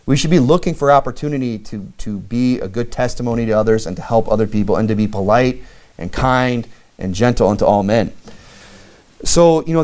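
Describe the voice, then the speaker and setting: Conversational man preaching a sermon. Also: medium pitch. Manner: conversational preaching, many "you know" fillers, acts out lively quoted dialogue. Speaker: pastor.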